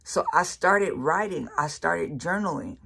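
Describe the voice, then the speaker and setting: A woman shares her personal faith testimony, preaching in a casual, colloquial way and repeating phrases emphatically for effect. Her voice is on the low side, expressive and unhurried, creaky and husky with a fairly bright tone.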